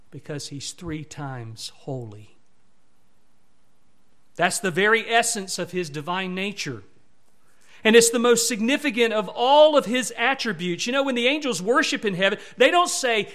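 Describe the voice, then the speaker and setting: A pastor delivering a sermon in a fairly high, bright-toned male voice. He preaches emphatically, rising and growing louder on repeated words. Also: lively intonation, moderate pace.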